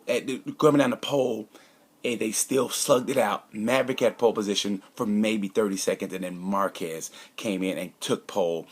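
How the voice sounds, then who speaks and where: A man's voice: fairly low pitch, slightly rough. A man giving a casual, opinionated race review. He rambles, cracks jokes and sometimes drops to a conspiratorial whisper. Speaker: motorcycle racing commentator.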